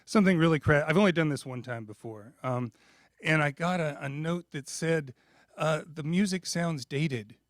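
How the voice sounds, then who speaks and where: A man with an American accent, a singer-songwriter chatting in a relaxed, humorous way about his country song. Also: a little high, moderate pace, no echo, clean studio sound. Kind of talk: spoken intro and country song with guitar.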